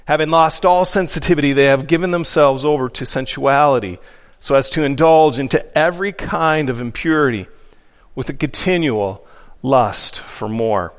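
High-voiced pastor preaching in a reverberant hall. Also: male voice. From Upper Midwest of the US. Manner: earnest, emphatic preaching with repeated phrases. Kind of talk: sermon.

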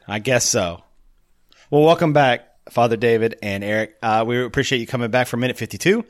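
A man co-hosting a podcast, chatting casually, laughing often and tossing in quick asides. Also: mid-range voice. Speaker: podcast co-host. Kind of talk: casual chat.

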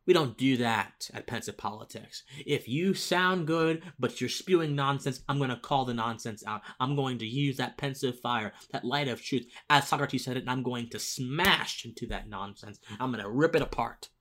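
A man speaks in a mid-range, fairly bright voice at a moderate pace, barely pausing at all. As host of a casual political commentary monologue, he rambles with restarts and rises into emphatic bursts.

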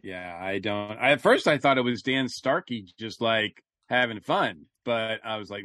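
A man's voice: lowish voice, a little slow, hardly any pauses, bright, forceful tone, no room sound, clean studio sound. A man co-hosting a casual review podcast, talking in a rambling way with lots of fillers and restarts. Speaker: podcast co-host.

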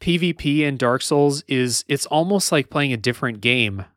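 A man's voice: medium pitch, lively intonation, moderate pace, fairly bright tone, dry recording, studio quality. A man co-hosting a casual gaming podcast, rambling with lots of filler words and restarts. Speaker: podcast co-host.

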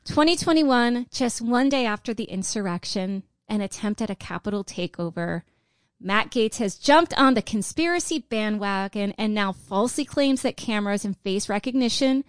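A woman's voice: mid-range voice, expressive, moderate pace, smooth, no echo, clean studio sound. A woman co-hosting a casual podcast, indignant and exasperated, often restarting her sentences. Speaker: podcast co-host.

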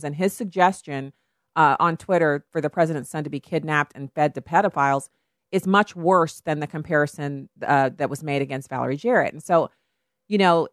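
Low-voiced woman hosting talk radio. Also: dry recording, studio quality. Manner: animated, mimics others in quoted asides. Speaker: radio talk show host. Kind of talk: conservative talk radio commentary.

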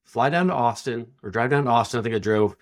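A middle-aged man chatting as a podcast guest, his voice sitting right in the middle of the usual male range. He tells long work anecdotes in a relaxed, animated way and slips into quoted dialogue as he goes. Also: medium pitch, fast talker. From Texas. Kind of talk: casual storytelling.

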